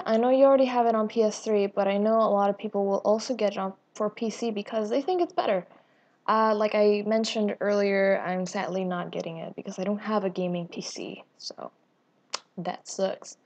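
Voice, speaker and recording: A woman's voice: medium pitch, fairly even intonation, a little fast, a little mellow. A woman hosting a casual Q&A vlog on her gaming channel, chatty and rambling with lots of fillers and restarts, self-deprecating and giggly. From Latina, grown up in the US. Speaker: YouTube gaming channel host.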